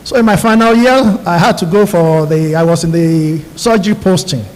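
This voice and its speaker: A man's voice: high-pitched, moderate pace. A middle-aged Nigerian man, a radiologist, giving an earnest storytelling speech to newly inducted doctors in an auditorium. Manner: earnest, storytelling, addresses audience directly. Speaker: guest speaker, radiologist. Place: large university auditorium. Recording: long hall reverb.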